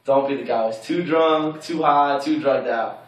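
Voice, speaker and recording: Young male student, frank laid-back bro tone, mid pitch, heavily echoey and off-mic. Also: measured pace, far from the mic. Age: young adult. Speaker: student giving dating tips. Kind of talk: casual vlog advice segment.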